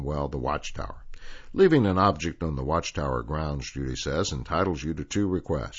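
A man reading articles aloud and then telling a story as host of a reading service program, in a calm, measured way. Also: extremely low pitch, muffled recording. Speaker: volunteer radio reader and host.

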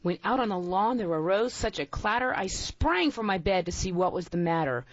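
A woman recites a holiday poem at a steady pace. The sound is dry and slightly dull, with no room around it. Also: mid-range voice, normal speed, dry recording. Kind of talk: reading poem aloud.

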